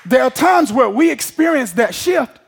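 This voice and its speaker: Preacher, male, very high voice with a raspy edge, call-and-response sermon delivery. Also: very animated, normal speed, faint music behind. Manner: emphatic call-and-response preaching, often asking if the congregation follows.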